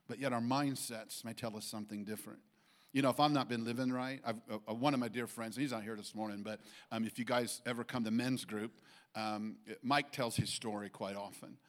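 A pastor giving a sermon in church, halting with frequent restarts and then rising to emphatic points. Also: male voice, fairly low pitch.

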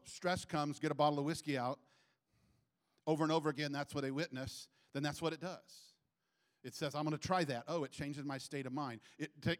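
A man preaching a sermon in church, animated and acting out little quoted voices as he goes. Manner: animated, acts out quotes with sudden pitch jumps. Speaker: pastor.

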